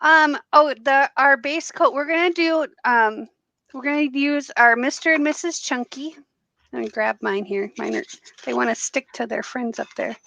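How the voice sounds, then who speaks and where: A woman's voice: sits high, moderate pace, creaky, sharp tone, dry recording. Chatty woman hosting a live stream. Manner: chatty, with frequent fillers and laughs. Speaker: host of a live acrylic pouring stream. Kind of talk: casual live-stream chat.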